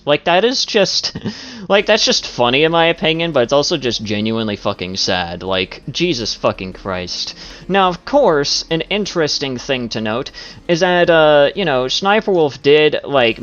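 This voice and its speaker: Male commentary host, rambling and profane, heavy on fillers; muffled low-fidelity mic. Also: fairly bright tone. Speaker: commentary YouTuber. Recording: dull lo-fi audio.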